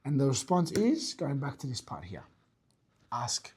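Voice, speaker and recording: A fitness business owner teaching a group about sales. He talks blunt and energetic, swears casually and keeps checking in with "right?". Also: medium pitch, a little slow, husky. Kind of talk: teaching talk to an audience.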